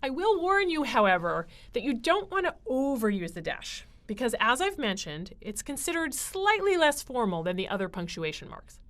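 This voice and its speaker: A woman giving a writing lecture, explaining clearly with frequent fillers. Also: fairly high pitch, sing-song, normal speed, few pauses, a bit bright. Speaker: writing instructor.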